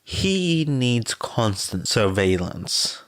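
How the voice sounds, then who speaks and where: Man reading gentle caretaker scientist, low slow voice, audiobook. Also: very animated, heavily acted.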